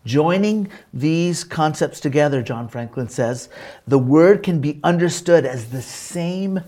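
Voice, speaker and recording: A man preaching a sermon and telling a story, earnest and unhurried, with pauses, fillers and restarts. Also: fairly high pitch, warm tone. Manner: engages remote listeners to repeat words.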